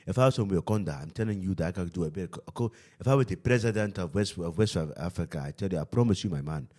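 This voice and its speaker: A man's voice: deep voice, fast, mellow. A man hosting a casual podcast chat, loose and repetitive, swearing freely. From New York. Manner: loose, swearing, repeats himself. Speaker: podcast host.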